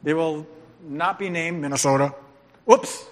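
A man's voice: a little high, a little slow. A middle-aged man preaching a sermon, urging and joking like a football coach as he tells stories. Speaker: pastor. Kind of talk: sermon with storytelling. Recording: long reverb of a large hall.

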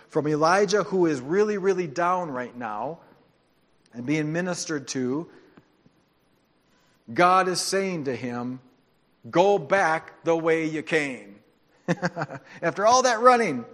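Man, preacher, sermon, animated storytelling, joking asides, slightly high voice, long hall reverb. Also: slow.

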